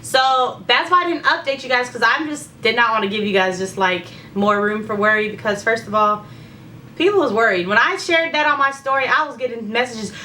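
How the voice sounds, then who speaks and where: A woman's voice: on the high side, a little fast, sharp tone, recorded from a distance, slight background noise. A young woman with heartburn chatting candidly through a pregnancy update, full of fillers and talk of faith. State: heartburn, secretly burping. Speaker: vlogger. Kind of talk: casual pregnancy update chat.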